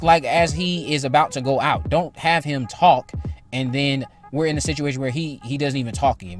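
Man hosting a casual movie-opinion vlog; average pitch, talks in loops and restates his take, light music bed behind. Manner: opinionated, repeats points, rambling. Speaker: movie commentary YouTuber.

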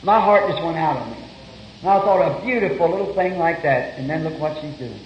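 A man preaching a fervent sermon, telling stories earnestly and breaking into shouts now and then. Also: fairly high pitch, lively intonation, a little fast, a little hiss or hum. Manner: earnest storytelling, bursts of shouting. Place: church meeting hall. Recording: roomy lo-fi 1961 sermon tape.

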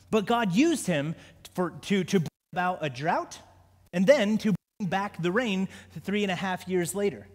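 High-voiced man preaching in a reverberant hall. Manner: conversational with stammered restarts, rising to fervent prayer. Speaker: pastor. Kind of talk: sermon. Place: church sanctuary.

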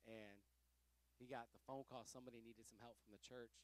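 At a medium pitch and brisk pace, a male pastor runs a Pentecostal Bible study. He's fervent and animated, laughing a lot and alternating between loud exhortation and soft asides.

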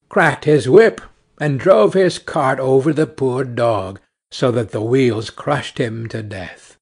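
Slow, gravelly male storybook narrator. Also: mid-range voice.

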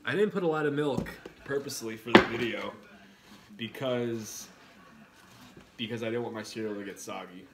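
A man's voice: medium pitch, normal speed, long pauses, very noisy. Chatty man reading live comments. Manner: reads viewer comments aloud, chatty and blunt. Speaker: livestream host. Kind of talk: casual live chat eating on camera.

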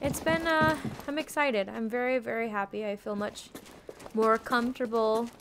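A woman's voice: on the high side, fairly even intonation, moderate pace, background noise. A woman giving casual, chatty let's-play commentary while streaming a game, exclaiming and joking at herself. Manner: chatty, exclaiming, self-deprecating.

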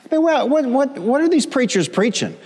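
Pastor preaching in echoing church. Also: male voice, very high-pitched, big pitch swings, fairly quick, a little mellow. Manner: preaching with humor and repetition, calls for audience responses. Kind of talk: sermon. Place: church sanctuary. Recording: long church hall reverb.

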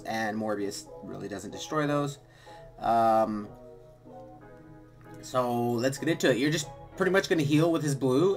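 A man hosting a gaming video, casually walking through a game strategy in a relaxed, rambling way with lots of fillers and restarts. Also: mid-range voice. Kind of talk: casual game walkthrough commentary.

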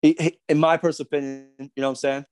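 A man's voice: on the high side, little pitch movement, very fast, darkish tone, clear, resonant tone. A middle-aged man from Philadelphia, a podcast guest ranting in a profane, agitated, rambling way with many restarts. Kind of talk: heated podcast rant.

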